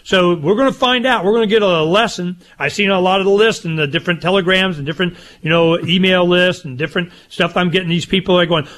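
Older man rambling in animated chat. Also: high voice, fast talker, few pauses. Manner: rambling, animated, laughs loudly. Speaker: co-host. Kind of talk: casual chat.

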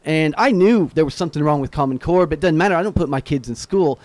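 A man's voice: on the high side, expressive, fast, darkish tone, no echo. A man hosting a casual political talk and speaking earnestly, with frequent restarts.

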